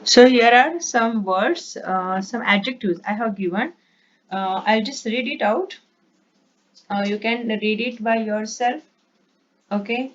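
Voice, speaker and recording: A woman gives a slow, careful grammar lesson and reads word lists one by one. Her voice sits a little high. She repeats herself and corrects small slips with a quick "sorry". The recording sounds dull and lo-fi. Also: a little hiss or hum. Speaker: English teacher.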